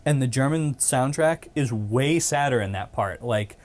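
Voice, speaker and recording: A man's voice: mid-range voice, animated, unhurried, a little mellow. A man chatting casually while gaming, rambling through stories with frequent laughs.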